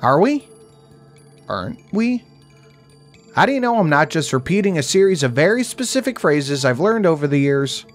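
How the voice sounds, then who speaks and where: A high, eerily human squawk that rants nonstop sales pitches, as a man plays the crow. The male crow is loud and pushy, and his pitch leaps all over the place. It comes from a horror audiobook reading. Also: sing-song, moderate pace, pauses often, soft background music. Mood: sly.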